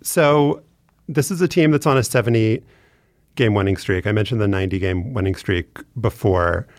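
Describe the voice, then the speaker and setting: A man hosting a podcast, introducing a guest and asking relaxed, chatty questions. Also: fairly low pitch, moderate pace, no room sound, studio quality. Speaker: podcast host. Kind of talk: casual podcast interview.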